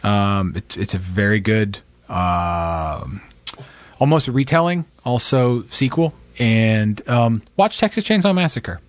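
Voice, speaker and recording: A man's voice: on the low side, expressive, slow pace, no echo. Casual male co-host, joking movie banter, dry recording. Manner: chatty, jokey movie talk. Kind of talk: casual chat.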